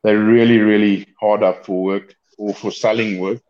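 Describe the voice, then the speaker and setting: A man's voice: fairly low pitch, little pitch movement, normal speed, darkish tone, muffled recording. A South African man who makes knives, chatting casually and rambling a bit, with restarts and laughter. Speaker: knifemaker guest. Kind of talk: casual chat over a call.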